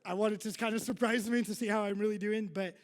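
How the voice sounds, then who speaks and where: A man's voice: high-pitched, steady tone, fast talker, in a large hall. A male pastor giving a casual sermon to his congregation, chatty and self-deprecating, full of fillers and asides. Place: church hall.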